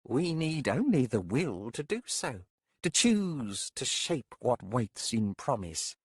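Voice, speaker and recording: A man voicing a cold, solemn female witch in an audiobook, speaking slowly and deliberately. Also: medium pitch, big pitch swings, slightly rough, dry recording, studio quality, pitched above the performer's own voice, exaggerated voice. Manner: slow, measured, solemn. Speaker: audiobook narrator. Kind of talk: audiobook character voice.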